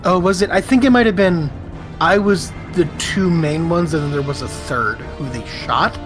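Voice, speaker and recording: A man's voice: on the high side, moderate pace, fairly bright tone, faint music behind. Teasing man in a gaming chat. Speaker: co-player.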